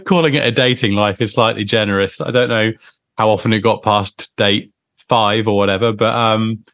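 A man's voice: lowish voice, moderate pace, fairly bright tone, no echo, studio quality. A man co-hosting a casual football podcast, chatty and joking, with trivia asides. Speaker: podcast co-host. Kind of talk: casual chat.

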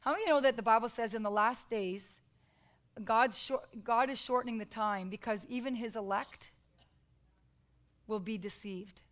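A woman's voice: fairly high pitch, normal speed, a bit bright, low-quality recording. A woman preaching a sermon in church, emphatic and repetitive, calling out to the congregation.

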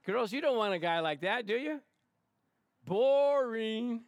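A male pastor preaching a lively sermon to his congregation, emphatic and excitable, often calling out "Amen?". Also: high voice, normal speed, no echo, muffled recording. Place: church service in front of a congregation.

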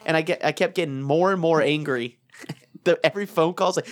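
Laughing, animated male storyteller. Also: a little high, moderate pace. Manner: animated, laughs often, acts out quotes. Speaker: storyteller guest. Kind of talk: casual chat, telling funny drinking stories.

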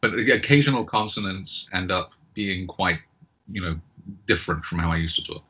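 A man's voice: low voice, normal speed, bright, forceful tone, slightly rough, dull audio. A middle-aged British man with a slightly American-tinged accent, talking as a guest in a casual interview and hesitating often with ums and restarts. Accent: British with some American. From Britain. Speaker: guest epidemiologist.

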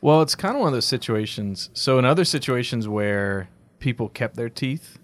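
A man co-hosting a podcast, retelling a story in casual chat with lively reactions. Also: medium pitch, normal speed.

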